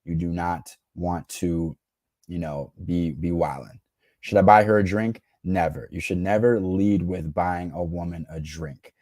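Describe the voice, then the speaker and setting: A man's voice: sits low, fairly even intonation, unhurried, darkish tone, dry recording, studio quality. A man reacting to a dating clip, giving cocky, slangy dating advice and laughing at his own jokes. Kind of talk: reaction commentary to camera.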